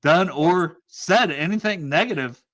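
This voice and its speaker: A man's voice: a little high, a little slow, fairly bright tone. A man guesting on a football show, ranting sarcastically and swearing heavily. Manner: sarcastic mock-positive rant, heavy swearing. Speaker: podcast guest. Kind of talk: casual sports show chat.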